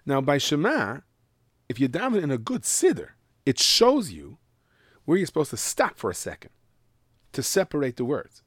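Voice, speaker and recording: A man's voice: on the high side, wildly swooping pitch, normal speed, fairly bright tone, slightly rough, no echo, clean studio sound. A man teaching a Mishnah class, explaining the text and sounding out words carefully. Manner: explains in English mixed with Hebrew and Yiddish terms, stressing pronunciation. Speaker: Torah teacher.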